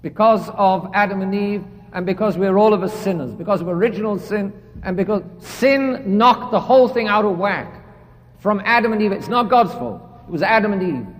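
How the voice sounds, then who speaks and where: A man's voice: sits high, normal speed, long reverb tail. A man preaching a sermon, earnest and repeating phrases for emphasis.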